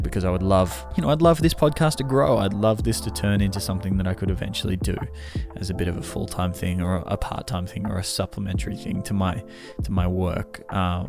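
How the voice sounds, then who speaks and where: A man hosts his own solo podcast in a low-pitched voice with vocal fry. He talks casually to listeners, rambling, correcting himself mid-sentence, and swearing offhandedly.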